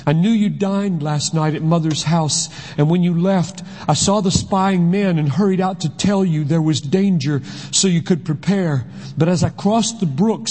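A man voicing a frightened, earnest young male disciple who tells his story in a rushing, slightly raised voice. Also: a little high, a little mellow, voice pushed up, close to an everyday voice. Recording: long hall reverb.

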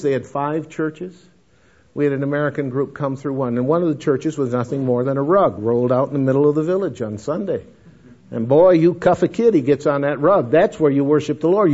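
A man's voice: mid-range voice, a little mellow, husky. A man giving a missions lecture with anecdotes, folksy and emphatic, calling his listeners folks. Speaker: missions speaker. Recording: dull lo-fi lecture recording.

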